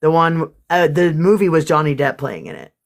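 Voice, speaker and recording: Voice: medium pitch, normal speed. A livestream host chatting casually with viewers, swearing freely and getting emotional.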